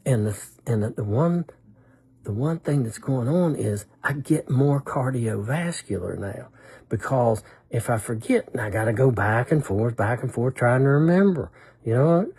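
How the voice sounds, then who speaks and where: A man's voice: medium pitch, lively intonation, a little slow, a little mellow, husky. An older man telling rambling, self-deprecating stories in a casual, folksy way. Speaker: humor vlogger. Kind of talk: casual storytelling monologue.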